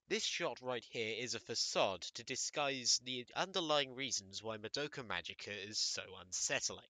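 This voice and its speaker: A man's voice: medium pitch, lively intonation, moderate pace, few pauses, over music. A man narrating an anime video essay, with crude, wry humor. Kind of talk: scripted comedic commentary.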